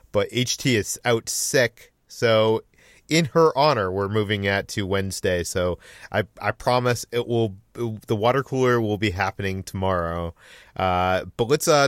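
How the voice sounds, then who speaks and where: A man hosting a podcast in a casual way, quick and loose as he leads the discussion. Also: fairly low pitch, dry recording, clean studio sound. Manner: quick, loose, leading the talk. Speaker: podcast host, editor-in-chief.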